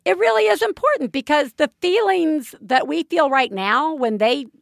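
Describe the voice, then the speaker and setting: A woman co-hosting a chatty parenting podcast, her voice high and gravelly with a vocal fry. She talks in an effusive, animated way and laughs often. The recording is dry and close. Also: moderate pace, dry recording. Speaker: podcast co-host. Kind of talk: casual chat.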